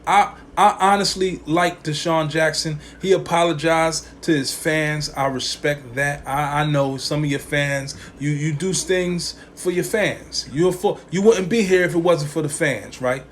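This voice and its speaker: Male podcast host with a slightly high voice, blunt, profane, heated opinion monologue, faint noise under it. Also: steady tone, measured pace, hardly any pauses. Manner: emphatic, profane, repeats lines for emphasis; slangy street talk.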